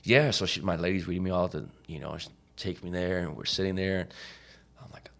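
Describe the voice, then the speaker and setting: Fast-talking low-voiced man telling his story. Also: fairly even intonation, vocal fry, fairly bright tone. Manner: profane, slangy, full of "like" and "you know"; acts out quoted people in his story. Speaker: podcast guest. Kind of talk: casual storytelling.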